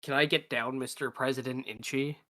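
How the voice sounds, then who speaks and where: A man's voice: mid-range voice, steady tone, moderate pace, crowd noise. A man playing in a tabletop game, chatty and a bit hesitant, asking about the rules. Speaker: player. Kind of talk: casual chat.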